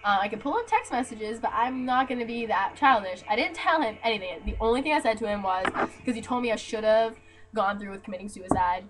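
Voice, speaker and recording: Give me a young woman vlogger with a slightly high voice, ranting bluntly and profanely to her viewers. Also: fairly quick, low-quality recording. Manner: blunt, profane, animated storytelling. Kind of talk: casual venting to camera.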